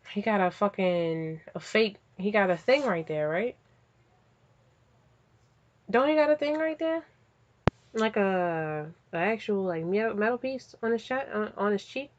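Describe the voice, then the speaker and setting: A woman casually reading fanfiction aloud and breaking off into profane, animated comic asides. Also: fairly low pitch. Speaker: fanfiction reader and reactor. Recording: slightly dull lo-fi audio.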